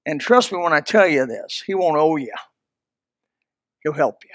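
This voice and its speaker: High-voiced folksy preacher man. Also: lively intonation, moderate pace, a bit bright, dry recording, studio quality. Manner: folksy storytelling, emphatic. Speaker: pastor. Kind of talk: sermon.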